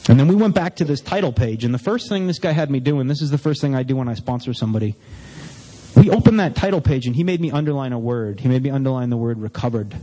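A man's voice: mid-range voice, lively intonation, quick pace, dark tone. A man giving a candid, self-mocking recovery talk to a meeting audience. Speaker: recovery speaker. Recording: long reverb of a hall.

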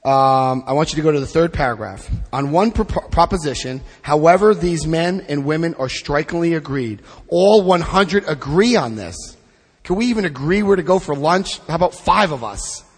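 A man's voice: fairly high pitch, expressive, moderate pace, husky, in a large hall. A man leading a twelve-step study group, reading passages aloud and adding blunt, joking asides. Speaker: recovery workshop leader.

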